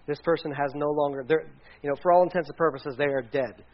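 Speaking fast in a slightly high, steady voice, this male pastor preaches in a loose, chatty style, restarting sentences and drifting into asides and side stories. The recording is dull and lo-fi.

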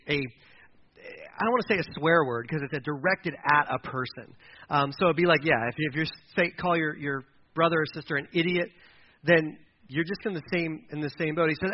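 A man preaching a casual sermon, talking in a relaxed conversational way and acting out the voices he quotes. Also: on the high side. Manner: conversational, acts out quoted voices, fillers like "kinda" and "like". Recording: dull lo-fi recording with faint noise.

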